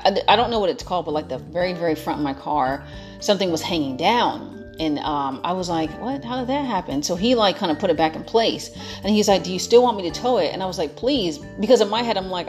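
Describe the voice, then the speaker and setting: A woman telling a personal story in a chatty, exasperated way, with lots of fillers and asides to her viewers. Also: fairly low pitch. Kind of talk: casual storytime monologue. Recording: faint music behind.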